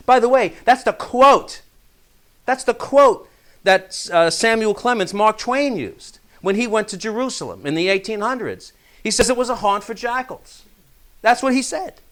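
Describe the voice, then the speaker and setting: An earnest man teaching a radio Bible study. He reads the verses with building emphasis, then sinks into quieter asides to explain them. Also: high voice, clear, resonant tone. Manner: earnest, openly gets riled up. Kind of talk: radio Bible study, reading scripture aloud.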